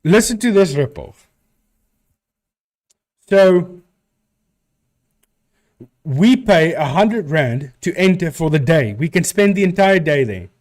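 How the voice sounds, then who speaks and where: A man's voice: a little high, animated, takes it slowly, pauses often, darkish tone. A man from South Africa with a South African accent, a live stream host chatting casually and answering viewers with rambling restarts.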